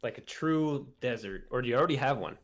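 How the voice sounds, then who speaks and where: Male guest on a stream, relaxed and hesitant, mid-pitched, says "like" a lot. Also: brisk. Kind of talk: casual chat.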